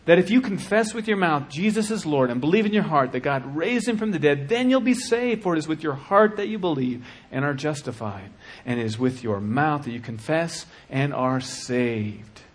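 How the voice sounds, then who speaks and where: A man preaching a sermon with passion, dropping to a hush and then rising to shouting. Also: on the high side, lively intonation, normal speed, few pauses. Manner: impassioned, swings from hushed to shouting.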